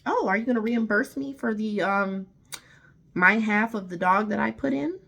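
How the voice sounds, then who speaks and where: A woman's voice: medium pitch, moderate pace, creaky, pushed and bright, voice pushed up. A woman mimicking her former friend as a breezy, self-important woman who talks in an offhand, airy way.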